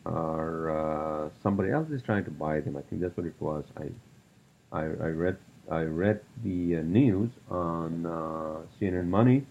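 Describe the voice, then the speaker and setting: Male podcast host, husky and gravelly, profane rambling monologue. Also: low-pitched, a little slow, a little mellow, dull audio. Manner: profane ranting, rambling with many fillers.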